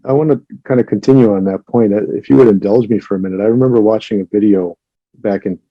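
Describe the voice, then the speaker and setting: A man's voice: lowish voice, quick pace, no room sound. A man hosting a podcast, asking questions and thinking aloud in an earnest, tentative way. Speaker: podcast host. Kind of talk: interview questions and commentary. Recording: dull, dry lo-fi sound.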